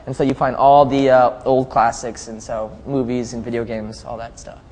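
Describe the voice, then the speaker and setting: A man's voice: mid-range voice, level tone, normal speed, darkish tone. Young adult male, pop singer in a casual live chat, loose and chatty with frequent laughs. Long reverb, faint noise floor. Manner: easygoing, chatty, laughs often, reads out fan questions. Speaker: pop singer answering fan questions.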